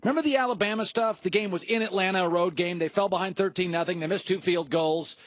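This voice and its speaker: A man's voice: sits high, quick pace, no room sound. A man hosting a sports talk show, arguing emphatically and mocking the other side as he rattles off lists. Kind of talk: heated sports debate.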